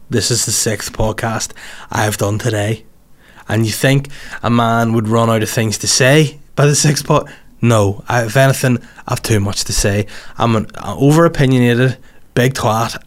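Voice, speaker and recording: A man in his thirties with a Northern Irish accent, hosting a casual podcast with brash, crude, self-mocking banter. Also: mid-range voice. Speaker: podcast host. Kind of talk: casual podcast chat and read ads.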